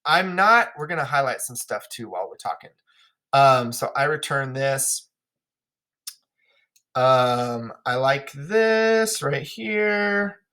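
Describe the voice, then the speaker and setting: A man's voice: mid-range voice, expressive, takes it slowly, long pauses, fairly bright tone. A male teacher walking a class through a play, talking casually and often checking in with "right?".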